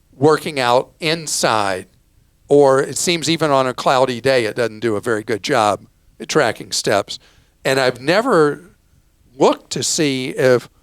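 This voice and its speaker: A man's voice: on the high side, smooth, dry recording. Plain-spoken man hosting advice radio. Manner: plain-spoken, explanatory, casual asides. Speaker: radio show host. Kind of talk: call-in advice talk.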